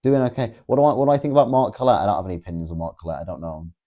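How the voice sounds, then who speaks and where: A man's voice: lowish voice, fairly even intonation, very fast, highs cut off. A man, hosting a live stream, reading viewer comments aloud in a rambling, sarcastic way and swearing often. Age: 20s. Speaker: livestream host.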